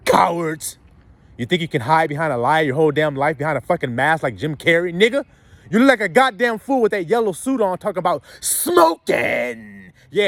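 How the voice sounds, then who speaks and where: A man delivers a blunt, profane sermon, firing question after question at his listeners. His pitch leaps high and drops low as he builds each point. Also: dry recording. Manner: blunt, profane street preaching with rhetorical questions. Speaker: preacher.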